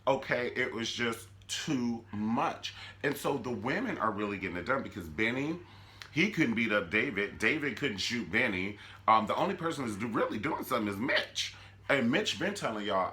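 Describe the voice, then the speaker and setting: A man hosting a comedic review vlog, with a flamboyant, sassy, animated and dramatic delivery. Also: fairly low pitch, normal speed. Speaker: show reviewer and host.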